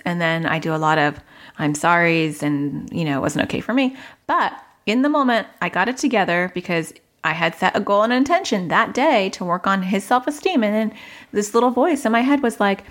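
A woman's voice: mid-range voice, a bit bright. A woman in her thirties telling a frank, reflective story about her own parenting, often quoting what she said. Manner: frank, reflective, quotes herself in dialogue. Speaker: parenting podcaster. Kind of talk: candid personal storytelling.

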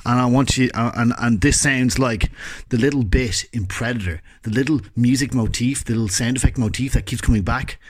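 A man's voice: medium pitch, fairly quick, no room sound. A man, a comedian, chatting casually backstage and breaking off mid-thought. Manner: chatty, self-interrupting. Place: backstage at a theatre.

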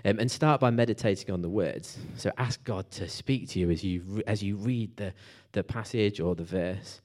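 A man gives a relaxed church talk. He speaks conversationally, with fillers and restarts. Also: fairly low pitch, moderate pace. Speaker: preacher. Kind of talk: sermon.

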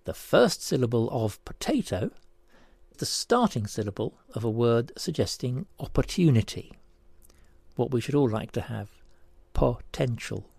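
A man walks listeners through a word puzzle in a lively, rising and falling voice with a gravelly edge. His tone is slightly husky, and he talks slowly and carefully through each clue. The sound is close and dry. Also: medium pitch, no echo. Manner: deliberate, spells out each step. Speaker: puzzle presenter. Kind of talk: scripted word puzzle presentation.

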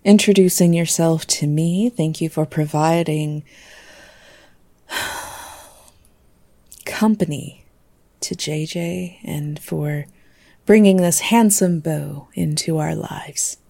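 Brief: a woman as a prim, charmed older actress, slow, low-pitched, formal. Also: creaky, mellow, full character voice. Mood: gracious. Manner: genteel and formal.

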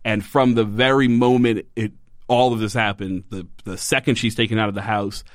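A man co-hosting a podcast, casually recapping a TV episode in a rambling way, full of fillers, jumping up in pitch when quoting characters. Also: steady tone, normal speed, no echo, studio quality. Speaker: podcast co-host.

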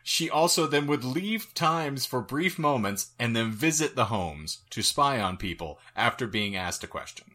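A man hosting a comedy podcast who reads out a strange history with crude jokes along the way. His voice is bright and forward, and his pitch swings widely as he talks. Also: lively intonation, unhurried, few pauses. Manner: reads history aloud with crude joking asides. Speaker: podcast co-host.

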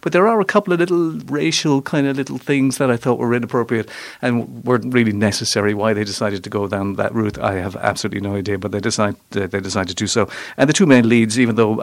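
Male film reviewer, rambling radio chat, dry studio sound, mid-pitched voice. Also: dry recording. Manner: chatty, rambling, keeps asking "you know what I mean".

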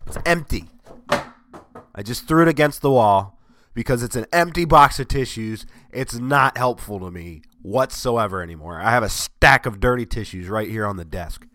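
A man's voice: medium pitch, fairly bright tone, no echo, clean studio sound. A man with a cold, voice strained, chatting casually in a sarcastic, rambling, self-mocking way. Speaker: vlogger. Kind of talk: casual chat.

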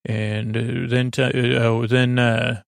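A man with a gravelly voice drifts through a sleep-podcast recap of a TV episode, full of filler sounds and restarts. His delivery stays flat and even, with little rise or fall. The recording is close and dry. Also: mid-range voice, no echo. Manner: halting and meandering, with many filler sounds and self-corrections.

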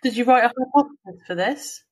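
A woman with a slightly husky voice banters through a casual podcast chat. She is sarcastic and teasing and swears freely. Her delivery stays loose and conversational. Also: a little high, fairly quick, darkish tone, poor audio. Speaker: podcast co-host.

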